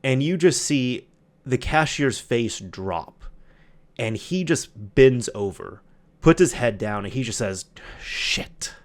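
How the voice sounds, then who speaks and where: A man in the middle of his pitch range talks through a shop story on his solo podcast. He tells it casually and with energy, slips into the voices of the people involved, and keeps restarting his sentences as he goes. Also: slow. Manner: animated retelling with quoted voices, frequent restarts. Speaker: podcast host.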